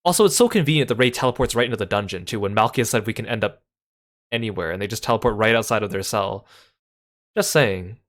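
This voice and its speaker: A man's voice: fairly low pitch, fast talker, a bit bright. A man hosting a let's play, making wry, chatty remarks about the story. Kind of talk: casual game commentary.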